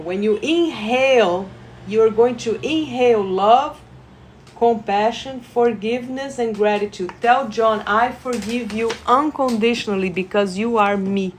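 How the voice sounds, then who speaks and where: A woman leading a live energy-healing session, guiding listeners with gentle instructions and sudden bursts of excited laughter. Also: on the high side, slight background noise. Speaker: reiki practitioner. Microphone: phone livestream.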